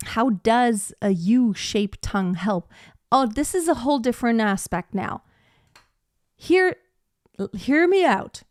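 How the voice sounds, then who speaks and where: A woman's voice: fairly high pitch, animated, takes it slowly, no echo, studio quality. A woman vocal coach teaching a live online singing lesson, chatting loosely with many fillers and demonstrating sounds. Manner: chatty, rambling, many "like" and "you know" fillers; demonstrates sounds with her own voice.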